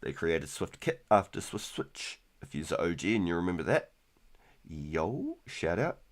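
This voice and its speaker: A man in his thirties casually chatting through a live game stream, relaxed and rambling, with keyboard clicks behind him. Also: deep voice, measured pace. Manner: relaxed, rambling, repeats words. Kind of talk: casual gameplay commentary.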